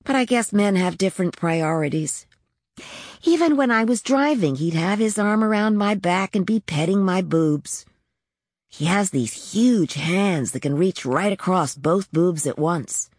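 This audiobook narration features a woman voicing a small-town teenage girl who wants to be a trucker. Her voice is on the low side, a little slow and a little mellow, with lively intonation, recorded in studio quality with no echo, and the delivery is blunt, chatty and matter-of-fact.

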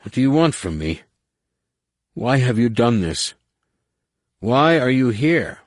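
A man voicing a young man in pain in an audiobook, speaking in a raspy, strained, breathless voice. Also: medium pitch, very animated, takes it slowly, no echo, clean studio sound, voice pushed up. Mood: strained pleading. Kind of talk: audiobook narration.

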